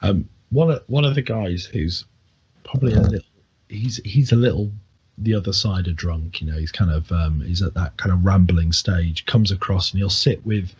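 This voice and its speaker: A man's voice: low voice, normal speed, darkish tone, breathy edge. A man narrating a tabletop game as dungeon master, loose and hesitant with fillers. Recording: dull lo-fi audio.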